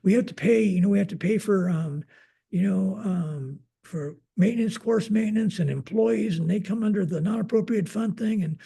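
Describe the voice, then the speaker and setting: A man's voice: high voice, moderate pace, creaky, dark tone, husky, voice pushed up, exaggerated voice. An older man putting on the voice of a polite, deferential male golf course manager who answers hesitantly and calls him "sir". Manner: hesitant, respectful, says "sir".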